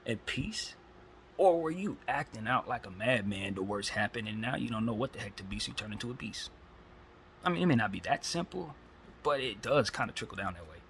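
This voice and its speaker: A man's voice: medium pitch, gravelly, fairly bright tone, slight background noise, low-quality recording. A man giving a rambling, preachy spiritual monologue full of slang, recorded on a phone. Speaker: host.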